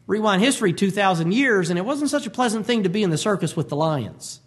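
High-voiced preacher, animated. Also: male voice, fast talker. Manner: animated, acts out voices and quotes. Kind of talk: expository sermon.

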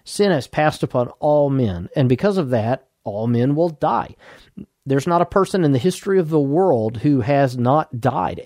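A man delivers a doctrinal Bible teaching for a podcast, speaking in a measured way and stressing key words firmly. His voice sits at a middle pitch with a warm, mellow tone. The recording is dry and close, with no room sound. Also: no room sound. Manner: measured, emphatic, leans hard on key words.

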